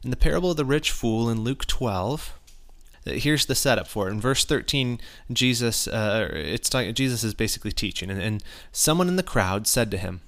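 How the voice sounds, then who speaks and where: A man's voice: medium pitch, animated, normal speed. An earnest man talks through a Bible passage in a casual, conversational way. His voice sits in an ordinary middle register, and he often restarts a phrase before landing a point with sudden emphasis. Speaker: podcast host.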